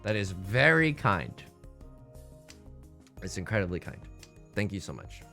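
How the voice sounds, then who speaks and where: A young man streaming and gaming, talking casually into a desk mic. His bright voice swoops all over the place, rambling along and lurching between mumbles and loud squeals. Soft music plays underneath. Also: sits low, sing-song, measured pace, creaky. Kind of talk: casual live-stream chat while gaming.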